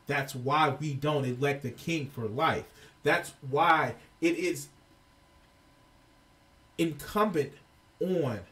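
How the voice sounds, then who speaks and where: A man's voice: a little high, takes it slowly, long pauses, a bit bright, recorded from a distance. A man giving heated, profane reaction commentary as a video reviewer, exasperated and ranting.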